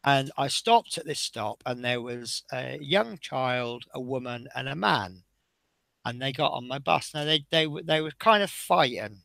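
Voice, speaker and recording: A man's voice: medium pitch, lively intonation, a little slow, vocal fry, pushed and bright, no room sound. A man chatting casually on a stream, telling stories from his bus-driving days in a chatty, anecdotal way and reading out comments as he goes. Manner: chatty anecdotal storyteller, reads out chat. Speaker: streamer building a model bus.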